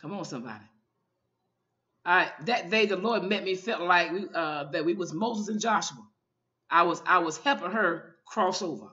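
A woman's voice: on the low side, moderate pace, pushed and bright, dull audio. A woman minister giving an informal online sermon, fervent and often repeating her calls to the listener.

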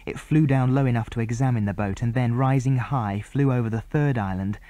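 Man reading a children's storybook, mellow tone, clear even telling, dry close sound. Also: medium pitch, fairly quick, no echo. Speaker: audiobook narrator. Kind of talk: storybook narration.

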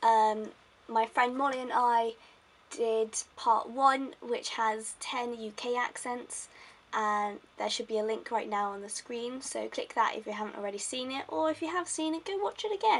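Upbeat young woman, playful video intro, slightly high voice, a little off-mic. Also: distant mic. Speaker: vlogger.

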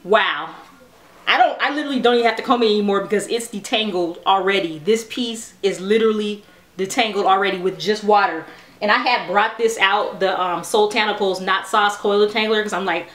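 A woman vlogging at home, chatting excitedly with her viewers while demonstrating a hair brush. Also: mid-range voice, fairly quick. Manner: excitable, chatty, addresses viewers as "you guys". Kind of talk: casual product demo chat. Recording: echoey room.

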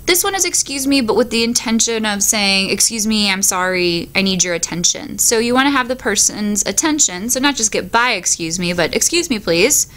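A woman's voice: mid-range voice, animated, brisk, hardly any pauses, fairly bright tone. A woman teacher reads Spanish words one by one, then explains each in for her class. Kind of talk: recorded vocabulary lesson.

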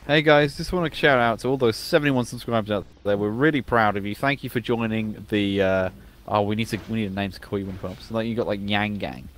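A man's voice: fairly low pitch, a little fast, a little hiss or hum. A man joking and teasing his friends while playing a game together. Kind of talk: casual gaming chat.

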